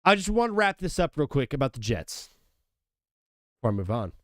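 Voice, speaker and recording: A man's voice: medium pitch, big pitch swings, fairly quick, a bit bright, dry recording, studio quality. A young man hosting a live sports talk stream, talking casually and animatedly, often calling people brother and dude. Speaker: sports talk show host.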